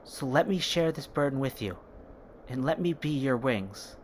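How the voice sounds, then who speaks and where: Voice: mid-range voice, animated, normal speed, a little hiss or hum, lightly acted. A fan storyteller voicing an earnest, caring teenage boy who speaks with impassioned reassurance. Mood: gentle.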